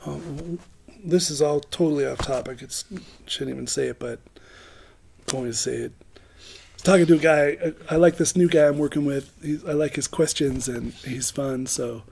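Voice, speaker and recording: A man's voice: fairly high pitch, moderate pace, creaky, a little mellow, slightly rough. A middle-aged man giving an informal, rambling sermon, joking about himself and laughing often. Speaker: preacher.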